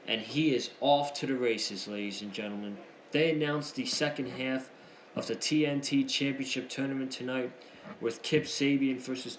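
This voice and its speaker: A man recapping the week's wrestling shows in a casual, excitable, chatty way. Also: medium pitch, reverberant, slight background noise. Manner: excitable, chatty, slangy ("freaking"). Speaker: wrestling show reviewer.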